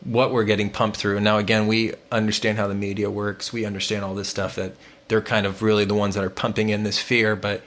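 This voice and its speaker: A man co-hosting a podcast, talking in an earnest, reflective way with fillers and pauses. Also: lowish voice, flat delivery, fairly bright tone. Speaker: podcast co-host. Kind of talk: conversational podcast talk. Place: home in the US Southwest.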